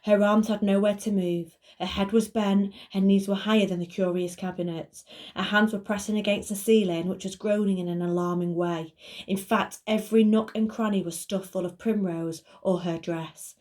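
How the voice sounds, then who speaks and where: A woman, a primary school teacher reading a children's book aloud clearly and expressively. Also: medium pitch, steady tone, moderate pace, a little mellow.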